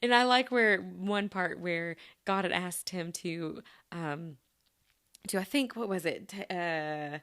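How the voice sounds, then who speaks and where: A woman's voice: on the low side, slow pace, fairly bright tone, clear, resonant tone. A woman hosting a casual solo podcast who chats and giggles and talks straight to her listeners. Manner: chatty, giggly, addresses listeners directly. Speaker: podcast host.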